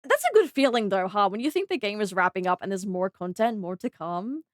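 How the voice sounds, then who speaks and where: A young Australian woman chatting while streaming a game, bubbly and excitable, gasping and squealing as she greets viewers. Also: mid-range voice, fairly quick, dry recording, studio quality. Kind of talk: live gaming stream chat.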